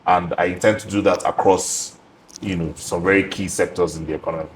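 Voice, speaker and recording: A young man hosting a podcast, talking about himself in a reflective, measured way with frequent ums and restarts. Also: low-pitched, fairly even intonation, poor audio. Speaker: podcast host. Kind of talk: casual interview chat. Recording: faint background noise.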